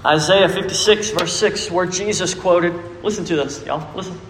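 Male pastor, high voice, emphatic sermon with questions, reverberant church hall. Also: normal speed, a bit bright, a little hiss or hum. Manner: preachy and emphatic, asks the congregation questions. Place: church sanctuary.

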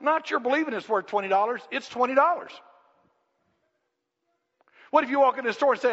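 A man preaching a sermon in a church, animated and emphatic, acting out quoted voices and shouting at the peaks. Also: very high-pitched, brisk, pauses often. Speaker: pastor. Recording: dull lo-fi sound with long reverb in a hall.

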